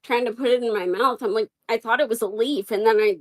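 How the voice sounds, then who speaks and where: A woman's voice: fairly high pitch, quick pace, low-quality recording. A woman co-hosting a casual podcast, speaking dryly and plainly. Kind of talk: casual chat.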